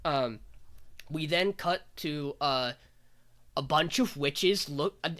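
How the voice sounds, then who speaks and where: A fairly high, bright-toned man talks through an anime episode on a casual podcast. He tells the plot in an animated way and drops in short acted-out quotes between fillers. His voice sounds light and forceful. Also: slow pace. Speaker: podcast host recapping anime.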